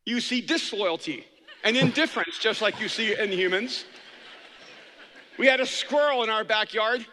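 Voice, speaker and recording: A man's voice: very high-pitched, sharp tone. A man giving an inspirational talk to an audience in a humorous, preacherly, dynamic way. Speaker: speaker. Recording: echoey hall reverb.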